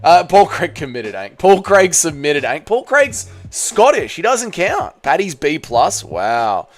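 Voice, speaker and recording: A young man hosts a casual livestream, bantering loosely with chat in slangy talk full of "mate" and "bro". His voice sits a little high for a man. Faint music runs underneath. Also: very animated, measured pace. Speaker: livestream host.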